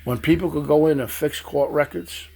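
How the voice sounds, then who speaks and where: A man's voice: a little high, normal speed, creaky, darkish tone, breathy edge. A man giving a stern political monologue, accusing and addressing people directly. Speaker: political commentator.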